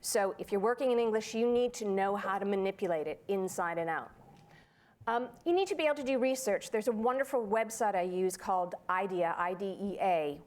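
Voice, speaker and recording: A woman voice actor giving a lively, playful talk on a conference panel. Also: medium pitch. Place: conference hall.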